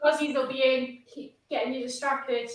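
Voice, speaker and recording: A woman's voice: sits high, fairly even intonation, normal speed, a loud crowd, rough recording. A woman chatting on a video call to a live stream, bubbly, with lots of "like" fillers. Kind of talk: casual chat.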